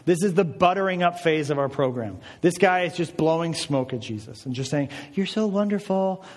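A male pastor preaches in a lively, chatty manner, often turning to his listeners with quick questions. His voice sits a little high for a man. A long reverb from a large hall hangs on his words. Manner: lively, conversational, asks the audience. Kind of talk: sermon.

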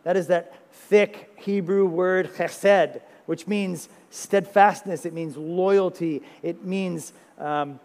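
A man pastor preaching a sermon, swinging dramatically between loud pleading and hushed, intimate stretches. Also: sits high, steady tone, slow pace, hardly any pauses, big-room sound.

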